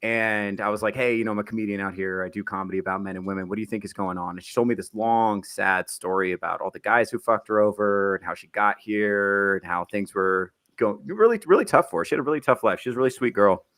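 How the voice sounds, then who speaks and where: A man's voice: fairly low pitch, quick pace, few pauses, fairly bright tone. A man, a comedian on a panel podcast, telling a crude story in a rambling, casual way and laughing as he goes.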